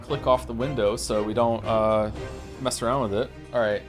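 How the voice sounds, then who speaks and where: A man chatting through a game stream in an animated, sardonic way, swearing freely as he goes. His voice sits at an ordinary middle pitch. Game music plays clearly behind him. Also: normal speed. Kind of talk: casual let's-play commentary.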